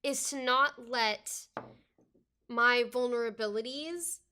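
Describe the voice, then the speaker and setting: As a guest on a podcast hosted by her parent, a young adult woman talks casually in a slightly high, clear, resonant voice with a sharp tone. She takes her time speaking, and she's earnest and reflective, often saying "I think."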